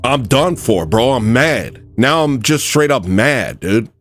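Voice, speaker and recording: A young man hosting a comedic livestream, rambling and self-mocking, dropping to low mutters and jumping up to loud yells. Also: animated, slow pace. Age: young adult. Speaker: livestream host.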